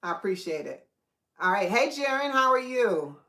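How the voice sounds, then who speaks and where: A woman's voice: mid-range voice, big pitch swings, moderate pace, a bit bright. A woman hosting a casual livestream while she eats, chatting freely and reading out viewers' comments with frequent laughs. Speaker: livestream host. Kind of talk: casual live chat while eating. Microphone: no microphone, device in room. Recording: echoey room, no mic.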